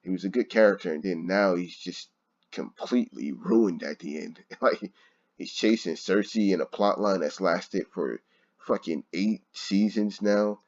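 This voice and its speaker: Casting note: deep-voiced male reviewer, exasperated and profane, muffled home recording. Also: unhurried. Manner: frustrated, swearing, laughing often. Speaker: show reviewer. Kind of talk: casual ranting review.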